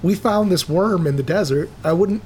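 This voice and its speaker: A podcast co-host who talks in animated, casual banter, swearing freely and laughing often. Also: mid-range voice, normal speed, slight background noise.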